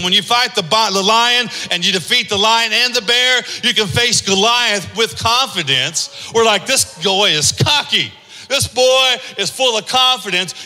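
A pastor preaching an emphatic, repetitive sermon in a church hall. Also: male voice, very high-pitched, pushed and bright. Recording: echoey hall.

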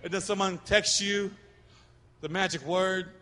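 A middle-aged man preaches with a high, bright voice, animated and acting out little scenes. His words ring out with a long reverb in a church hall. The delivery is casual and direct. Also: measured pace. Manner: animated, acts out quoted voices. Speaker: pastor. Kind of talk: sermon.

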